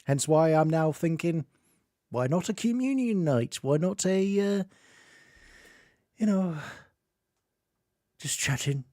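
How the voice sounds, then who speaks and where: A man's voice: on the high side, expressive, slow, pauses often, mellow, no room sound, studio quality. A man streaming and chatting casually, reading chat aloud and laughing often.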